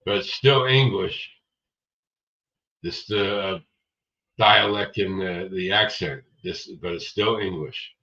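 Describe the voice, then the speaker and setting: A deep-voiced man chats casually on a livestream, answering viewers by name with a bright, forward edge. His audio is dull and lo-fi, and he sits a little away from the mic. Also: takes it slowly, pauses often, far from the mic. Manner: rambling, chatty, addresses viewers by name. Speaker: livestream host. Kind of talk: casual livestream chat reading viewer comments.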